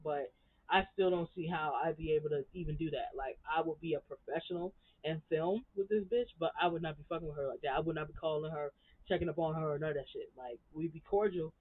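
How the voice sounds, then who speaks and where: A woman's voice: low voice, fast, husky. A woman reviewing a reality TV episode in a heated, blunt rant full of profanity. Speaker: reality TV recap vlogger. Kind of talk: casual ranting commentary. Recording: tinny phone-like recording.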